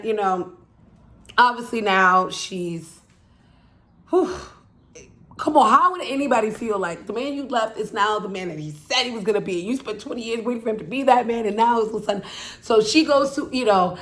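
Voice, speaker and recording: A woman's voice: medium pitch, normal speed. A woman hosting her own channel, casually recapping a film's plot in a rambling way, full of "like" and "you know," and swearing bluntly. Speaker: YouTube channel host.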